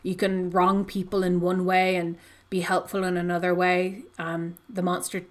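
A woman's voice: fairly low pitch, little pitch movement, normal speed. Chatty woman host recapping a book. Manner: chatty, with frequent fillers. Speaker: podcast host discussing a book. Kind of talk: casual chat.

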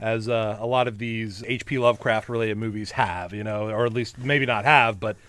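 A man's voice: on the low side, fairly even intonation, normal speed, fairly bright tone, clean tone, dry recording. Wry man on a dry close mic. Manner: wry, jokey asides with lots of "you know". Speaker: podcast co-host. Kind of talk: casual film-recap chat.

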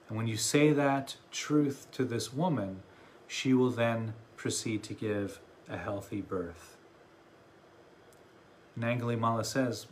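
A man who teaches meditation, giving a dharma talk and telling a story in a reflective way with many pauses. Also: medium pitch, a little hiss or hum.

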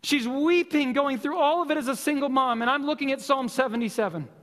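A man preaching a sermon as pastor, with impassioned, repetitive exhortation and slow emphatic stresses. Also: very high-pitched, fairly bright tone, in a large hall.

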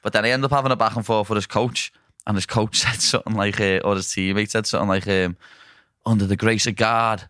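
A young man hosting a podcast, telling stories in a laddish, swearing, animated way. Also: lowish voice, quick pace, few pauses, clean tone, no room sound, studio quality. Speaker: podcast host, fighter. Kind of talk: casual chat.

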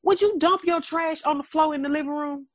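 A woman's voice: high voice, fairly even intonation, a little fast, no echo. A woman co-hosting a casual chat, speaking frankly, swearing freely and laughing often.

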